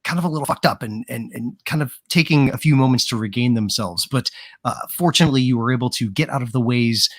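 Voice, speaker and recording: A man runs a tabletop role-playing game, describing each scene loosely and piling on "sort of" and "kind of". His voice sits at a middling pitch. It is recorded dry and close on a podcast mic. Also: fast talker, dry recording. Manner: rambling, hedging descriptions full of "sort of" and "kind of". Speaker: game master.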